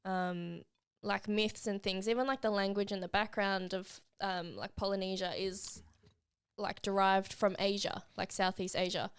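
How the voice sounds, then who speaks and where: A woman's voice: medium pitch, fairly even intonation, measured pace, clean tone. A woman co-hosting a podcast in casual chat. She explains things at length in a chatty way and laughs easily. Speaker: podcast co-host.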